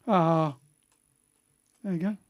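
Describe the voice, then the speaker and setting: A man's voice: on the high side, takes it slowly. A man hosting a lockdown livestream for his band, chatting casually and reading out viewer comments, rambling with lots of fillers and restarts. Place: home during lockdown.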